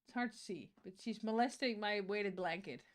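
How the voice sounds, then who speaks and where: A woman's voice: mid-range voice, moderate pace. A woman giving playful, chatty commentary while playing a game at home, swearing casually now and then. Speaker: game streamer. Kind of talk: casual let's-play commentary.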